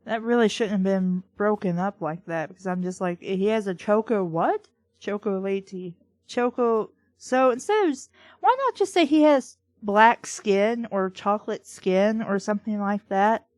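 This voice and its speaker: A woman's voice: medium pitch, normal speed, darkish tone, dry recording. A woman reviewing a bad book aloud, exasperated and sarcastic as she picks apart its wording. Her voice sits mid-range and the recording is close and dry, with no room sound. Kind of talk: sarcastic book-reading commentary.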